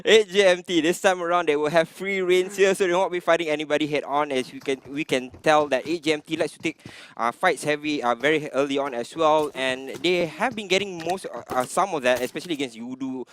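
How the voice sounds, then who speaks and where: High-voiced esports caster laughing through commentary. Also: male voice, fairly quick, few pauses, fairly bright tone, slight background noise. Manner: laughing fits, playful and self-mocking.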